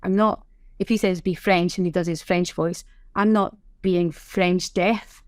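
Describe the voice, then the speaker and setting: A woman's voice: lowish voice, steady tone, measured pace, clear, resonant tone, no echo. Woman, middle-aged, chatty guest; dry close mic. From Scotland. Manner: chatty, self-correcting, explanatory. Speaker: sign language interpreter, podcast guest. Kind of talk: casual interview chat.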